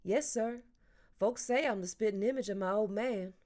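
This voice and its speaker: A woman's voice: medium pitch, normal speed, dark tone, close to an everyday voice. A woman voicing a young boy who answers politely and briefly. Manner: overly polite, clipped answers.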